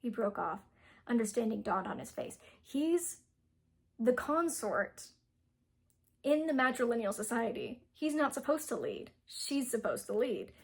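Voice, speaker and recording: A woman's voice: fairly high pitch, big pitch swings, a little slow, creaky, breathy edge. A young woman casually retelling a book's plot, rambling with lots of fillers and giggles. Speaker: book reviewer.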